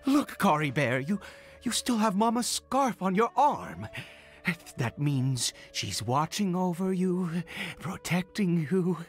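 A man's voice: high-pitched, very animated, slow, full character voice. A doting grieving father. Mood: tender. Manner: emotional, pleading, gentle. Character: doting grieving father, middle-aged man. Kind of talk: game voice acting.

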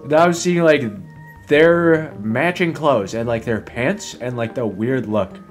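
A gaming video host with a medium-pitched voice takes it slowly while giving casual gameplay commentary over game music. He rambles, swears often, leans on "like" as a filler, and laughs a lot as he talks.

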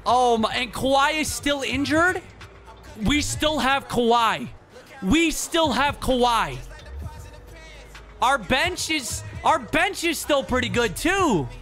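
A man giving casual, excitable let's play commentary, swearing freely and talking to his viewers. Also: extremely high pitch, slow, faint music behind. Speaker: gaming channel host.

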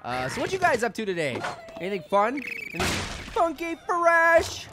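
A young man hosting a video game let's play, rambling goofily and suddenly yelling a silly word. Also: high-pitched, wildly swooping pitch, fast talker, noisy background. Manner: goofy, rambling, randomly yells a silly word. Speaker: gaming channel host.

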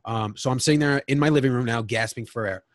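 A man speaks as a guest on a podcast, recounting his own story in a frank, emotional way and swearing freely. His voice sits at an ordinary middle pitch. The sound is close and dry, with no room echo. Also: fast talker. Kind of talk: candid personal storytelling.

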